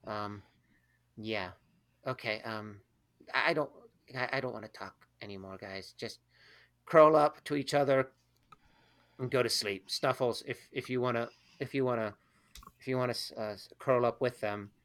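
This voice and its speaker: A man talking in character as an outdoor cat in a tabletop game, halting and repeating his words. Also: mid-range voice, fairly bright tone. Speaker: player voicing an outdoor cat. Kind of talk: tabletop role-play in character.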